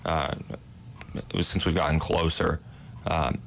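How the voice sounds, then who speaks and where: A man's voice: rumbling low, fairly even intonation, slow, creaky, slight background noise. A young man, a residence hall director, answering interview questions in a modest, self-deprecating way with easy laughs.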